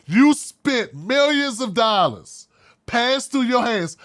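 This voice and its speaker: A man's voice: extremely high pitch, animated, slow, fairly bright tone. A man hosting an opinion commentary show, blunt and fired up, swearing freely. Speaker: host.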